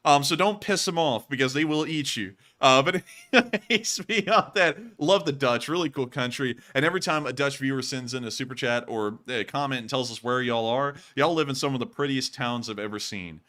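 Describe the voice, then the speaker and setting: This is a man hosting a casual live show. His voice is bright and clear, and he rambles from one tangent to the next with a joking ease. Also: mid-range voice, fairly quick. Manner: chatty, rambling, joking asides. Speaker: livestream host.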